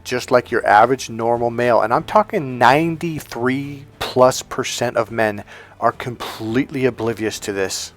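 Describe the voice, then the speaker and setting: Animated male dating coach. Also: mid-range voice. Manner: animated storytelling, emphatic. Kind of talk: casual monologue.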